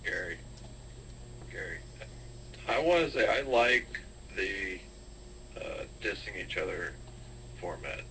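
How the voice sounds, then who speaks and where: A man's voice: low-pitched, lively intonation, takes it slowly, gravelly, pauses often, bright, forceful tone, far from the mic, a little hiss or hum, poor audio. A man in casual group chat, teasing and sarcastic.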